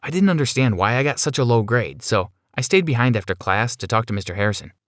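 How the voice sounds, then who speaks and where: A man's voice: mid-range voice, expressive, fast, few pauses, fairly bright tone, dry recording, studio quality. A man narrating a first-person story in a plain, conversational way, as a scripted voice-over.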